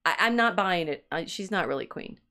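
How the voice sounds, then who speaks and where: A woman's voice: fairly low pitch, animated, fairly quick, pushed and bright. Teasing American woman chatting on stream. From United States. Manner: playful, teasing, laughs often. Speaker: co-host. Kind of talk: casual livestream chat.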